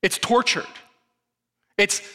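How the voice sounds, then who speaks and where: A man preaching a sermon, retelling a scripture story with animated, acted-out storytelling. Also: takes it slowly. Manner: animated storytelling, acts out the scene. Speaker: pastor.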